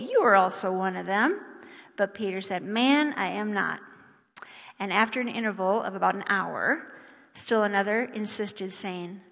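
A woman preaching a sermon, reading scripture aloud with emphatic rises and soft hushed drops. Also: medium pitch, creaky. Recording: long hall reverb.

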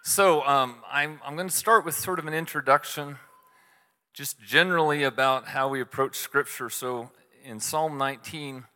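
A middle-aged man preaching a sermon, telling stories in a relaxed, conversational way with self-deprecating humor. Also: on the high side, normal speed, big-room sound. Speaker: church speaker.

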